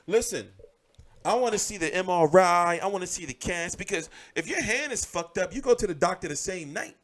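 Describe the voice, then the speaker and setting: A man riffs on boxing in a loose, profane rant, repeating his points for emphasis. His voice sits a little high and swings widely up and down as he gets worked up. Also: a little fast. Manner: animated, profane, repeats himself. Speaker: boxing commentary host. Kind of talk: casual ranting commentary.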